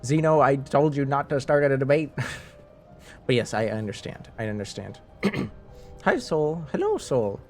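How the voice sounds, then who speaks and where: A man's voice: medium pitch, steady tone, moderate pace, soft background music. A man chatting casually with viewers on a live stream, rambling, laughing and restarting his sentences.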